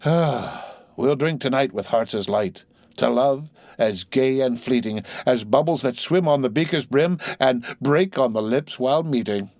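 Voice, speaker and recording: A man's voice: mid-range voice, a little slow, a little mellow, dry recording, voice pushed up, lightly acted. A man voicing a merry, tipsy male sailor who talks in a giddy sing-song. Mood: jaunty.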